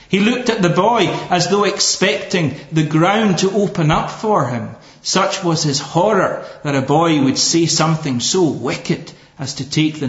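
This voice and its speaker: Earnest preacher in a roomy church. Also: male voice, a little high, dull audio. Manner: earnest, emphatic, with rhetorical questions. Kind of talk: sermon.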